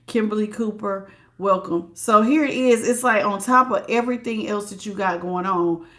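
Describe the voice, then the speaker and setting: A woman's voice: mid-range voice, moderate pace, fairly bright tone. A woman giving a live tarot reading, chatty and emphatic, greeting viewers by name and repeating words for stress. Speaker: tarot reader.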